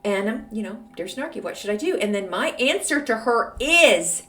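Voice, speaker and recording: A woman's voice: on the high side, expressive, normal speed, hardly any pauses, fairly bright tone. A woman hosting a casual solo podcast, answering an advice letter in a snarky, gossipy storytelling way with lots of fillers. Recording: roomy echo, voice off-mic.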